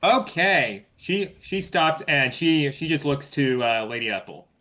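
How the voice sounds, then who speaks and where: A man's voice: fairly high pitch, lively intonation, a little slow, bright, forceful tone. A man playing a tabletop role-playing game, narrating his character's actions hesitantly, with many restarts. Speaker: player.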